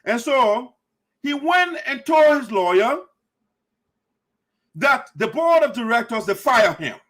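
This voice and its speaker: Fiery, high-pitched man ranting. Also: big pitch swings, slow pace. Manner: fiery and accusatory, repeating lines for emphasis, sometimes shouting. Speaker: host of a diaspora community show. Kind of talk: impassioned political commentary.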